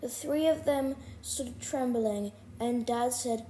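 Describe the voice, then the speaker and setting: A woman reading a rhyming children's storybook aloud in an expressive, rhythmic way. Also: fairly high pitch, slow pace, hardly any pauses. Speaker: storybook reader.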